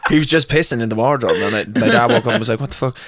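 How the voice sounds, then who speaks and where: A man's voice: medium pitch, fast, heavy background noise. A man in his twenties with an Irish accent, a podcast co-host telling rambling, sweary stories in casual chat. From Ireland. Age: 20s. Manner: rambling storyteller, swears a lot, breaks into laughter.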